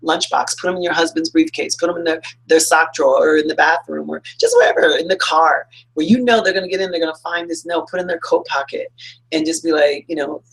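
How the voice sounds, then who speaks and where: A man speaks as a counselor in an informal motivational talk. His voice is husky, with a gravelly edge. He sounds earnest and upbeat, and he rambles with fillers and restarts. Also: a little high, steady tone, fast, fairly bright tone, poor audio. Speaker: licensed counselor giving motivational advice.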